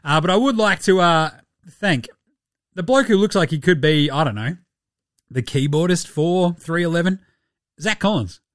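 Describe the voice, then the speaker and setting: A man hosts a basketball podcast in a fired-up, profane rant. His voice sits a little high for a man. The sound is dry and close, with no room around it. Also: moderate pace, long pauses, dry recording. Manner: ranting, sweary, animated, puts on mock voices. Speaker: podcast host.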